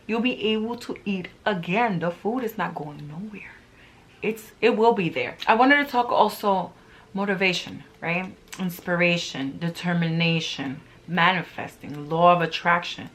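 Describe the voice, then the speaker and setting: In a casual motivational talk to her viewers, a middle-aged woman repeats phrases to stress her points, earnest and emphatic throughout. She speaks at normal speed, medium in pitch and a bit bright.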